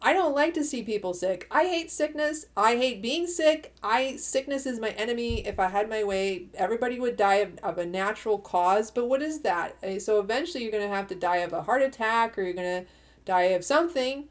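A woman's voice: fairly high pitch, expressive, a little fast. A middle-aged woman hosting her own podcast, talking through her views in a chatty, opinionated way, often restarting sentences and laughing at herself. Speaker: podcast host. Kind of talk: casual solo podcast monologue.

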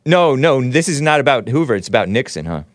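A man's voice: mid-range voice, very animated, a little fast. A male talk show host with a middle-range voice that swings up and down a lot as he rambles. He sounds sarcastic and offhand, reading bits aloud and riffing with his chat. The sound is dry and close, with no room echo. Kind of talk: casual live-stream commentary.

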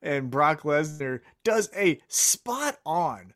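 A laid-back man co-hosting a casual podcast, his voice pitched a little high. He gives short, dry replies in an easy, relaxed way. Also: takes it slowly. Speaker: podcast co-host. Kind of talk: casual chat.

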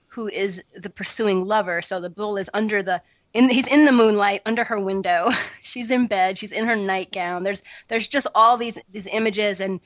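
A woman co-host talks eagerly about a story, joking lightly and digging into its imagery. Her voice is mid-pitched and recorded dry, with a slightly dull, muffled tone. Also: a bit bright, no echo. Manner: enthusiastic, analytical, quick to joke. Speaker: podcast co-host. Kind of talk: casual podcast chat and reading aloud.

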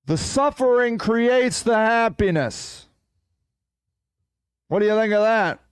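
Male podcast host, playful rambler, high and lively, smooth tone. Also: slow pace, no echo. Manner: animated, rambling, playful storytelling. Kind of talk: casual solo podcast chat.

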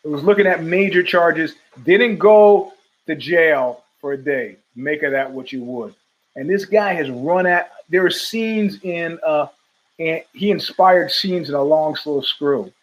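A man with a high-pitched voice hosts his own show, rambling through stories in a casual monologue. He acts out the other people's lines, laughs often and keeps an animated, loose delivery. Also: unhurried, poor audio. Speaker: podcast host.

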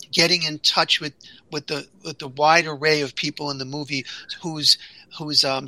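A man hosting a podcast, asking long, halting questions with repeated words. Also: on the high side, sharp tone, no room sound, low-quality recording. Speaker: podcast host. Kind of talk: interview questions.

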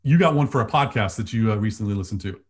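A man's voice: fairly low pitch, expressive, quick pace, darkish tone, slightly rough. A man co-hosting a podcast, chatting casually with a wry, joking manner. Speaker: podcast co-host. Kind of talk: casual chat.

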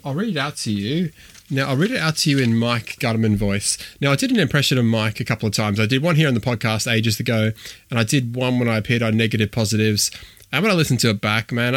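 A man's voice: medium pitch, no echo. Chatty man hosting a podcast. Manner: chatty and rambling, with fillers and restarts. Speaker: podcast host. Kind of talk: casual podcast chat.

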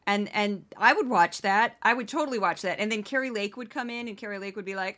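A woman's voice: medium pitch, animated, bright, forceful tone. A woman hosting a podcast, giving casual sarcastic commentary between news clips. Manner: sarcastic, quick asides. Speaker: podcast host.

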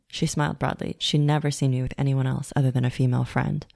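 A woman podcast host reading a personal essay in a calm, reflective way. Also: rumbling low, quick pace, vocal fry, hardly any pauses, no echo, clean studio sound.

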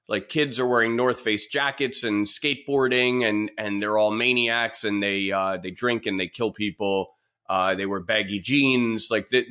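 Male podcast host from New York, storytelling monologue, animated, slips into voices for quotes. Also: fairly low pitch. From New York City. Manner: chatty, animated, voices others in quoted asides. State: sick with Covid.

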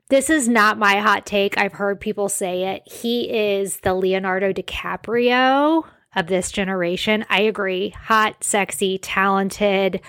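A woman in her forties talks through her own solo podcast in a loose, rambling way, poking fun at herself as she drifts between side notes. Her pitch sits in a plain middle range for a woman. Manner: chatty, self-deprecating, rambling asides. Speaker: podcast host. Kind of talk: casual solo podcast chat.

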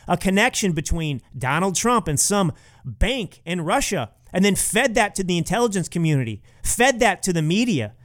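A man's voice: high voice, big pitch swings, normal speed, a bit bright. A man hosting a political commentary podcast, talking in a sarcastic, mocking way. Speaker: podcast host.

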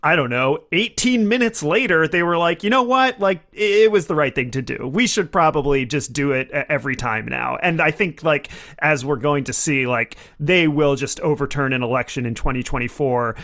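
A man, a comedy writer guest on a podcast, chatting casually and acting out quotes in shrill mocking voices. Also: moderate pace, few pauses. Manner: animated, acts out quotes in high mocking voices.

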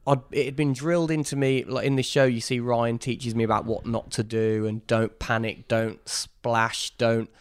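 Animated man telling a story. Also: mid-range voice, moderate pace, few pauses, clear, resonant tone. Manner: animated storytelling with quoted voices. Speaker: guest. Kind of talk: casual interview chat.

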